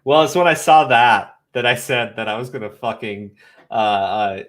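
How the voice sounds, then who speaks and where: Male commentary host, profane scornful rant, middle pitch. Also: moderate pace, a bit bright. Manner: profane, scornful, repeats himself. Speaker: commentary streamer. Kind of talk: casual ranting commentary.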